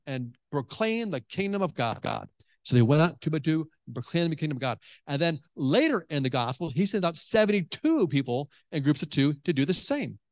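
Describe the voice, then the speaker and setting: A male pastor preaching, his voice sitting a little high for a man. He tells his stories in an animated way, full of restarts and filler words. The sound is dry and close, with little room around it. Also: no room sound. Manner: animated storytelling, many restarts and "like". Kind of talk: sermon. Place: church hall with congregation.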